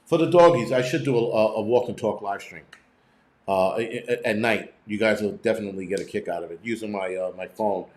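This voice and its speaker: A man's voice: on the low side, a little fast, darkish tone, echoey room. A man hosting his own channel, telling stories in a profane, rambling way full of restarts and fillers. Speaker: channel host. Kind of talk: casual live-stream rant.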